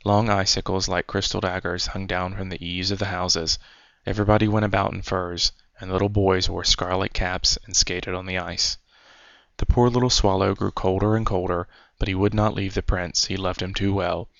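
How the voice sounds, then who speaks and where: A man reading a fairy tale aloud as a storyteller, in a measured, unhurried way. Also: low-pitched, little pitch movement, vocal fry, a bit bright, no room sound. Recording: dry, dull lo-fi recording.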